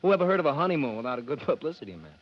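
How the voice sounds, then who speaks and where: A man's voice: mid-range voice, big pitch swings, racing. An actor playing a wheedling, salesy Hollywood publicity man in a 1950s radio drama, on an old, dull broadcast. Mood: pushy. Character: pushy fast-talking Hollywood publicity man.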